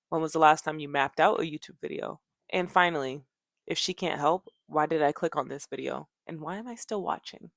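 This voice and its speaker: A woman's voice: deep voice, brisk, gravelly, no room sound, studio quality. A young woman talking casually to her viewers in a vlog, chatty and playful, addressing them directly. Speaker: YouTuber. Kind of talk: casual vlog talk to camera.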